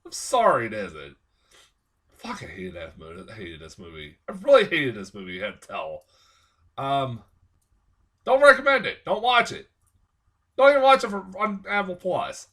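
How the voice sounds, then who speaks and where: A man's voice: mid-range voice, wildly swooping pitch, moderate pace, pauses often, bright, forceful tone. A man giving a casual film review, ranting in an angry, profane, exasperated way. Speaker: movie reviewer.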